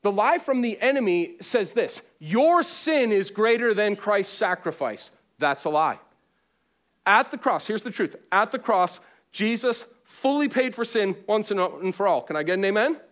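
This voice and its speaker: A man in the pulpit, his voice pitched high, preaching with call-and-response. He swings between ringing exhortation and quiet, hushed passages, and drops in joking asides to the room. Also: lively intonation, normal speed. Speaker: pastor. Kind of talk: sermon. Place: church auditorium with congregation.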